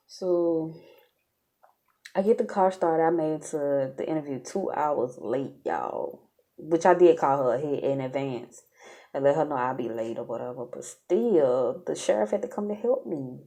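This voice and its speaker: A woman's voice: low-pitched, expressive, normal speed, dark tone. A woman vlogging in a casual, chatty way, talking straight to her viewers and laughing often. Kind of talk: casual storytelling vlog.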